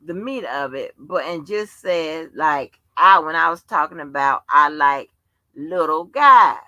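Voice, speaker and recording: A woman's voice: low voice, animated, a little slow, pushed and bright, no echo. A woman hosting a livestream, ranting in a casual monologue full of profanity and exasperated rhetorical questions. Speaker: livestream host.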